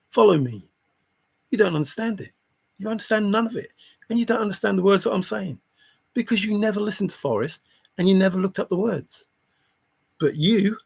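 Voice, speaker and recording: A man's voice: sits high, gravelly, darkish tone, husky. A man delivering an intense, repetitive monologue, taunting his listeners with the same questions over and over. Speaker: treasure hunt theorist. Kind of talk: lecturing monologue.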